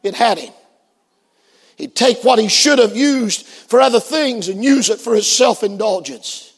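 High voiced preacher guy shouting then going quiet, lots of hall echo. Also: expressive, measured pace, husky. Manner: shouts and then drops very low for the story. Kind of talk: sermon. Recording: echoey hall.

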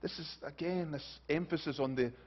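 A man preaching a sermon, swinging from loud, urgent rises to hushed, soft pleas. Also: fairly high pitch, normal speed. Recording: dull lo-fi recording.

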